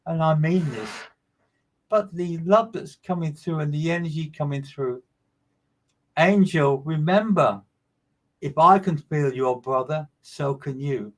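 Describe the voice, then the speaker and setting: Man, somewhat high voice, medium, live streamed reading, emphatic, repetitive, greets listeners by name. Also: measured pace.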